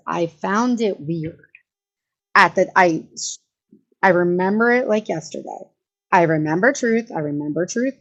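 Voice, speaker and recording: A woman's voice: on the low side, muffled recording. A woman giving casual livestream commentary, chatty and sarcastic, laughing and breaking off her sentences. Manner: chatty and sarcastic, frequent laughs and self-interruptions. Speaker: commentary streamer.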